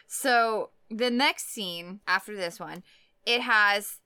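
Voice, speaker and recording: A woman co-hosting a casual podcast, giggling as she retells film scenes and quickly acts out the characters' lines. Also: mid-range voice, bright, forceful tone, clear, resonant tone. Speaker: podcast co-host. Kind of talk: casual chat recapping a film.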